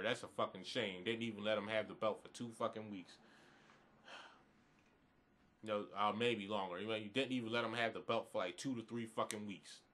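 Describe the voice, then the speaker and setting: Bright-voiced man ranting with profanity. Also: medium pitch. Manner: blunt, profane, rambling with frequent restarts. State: groggy this morning. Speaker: wrestling reviewer. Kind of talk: casual video review rant.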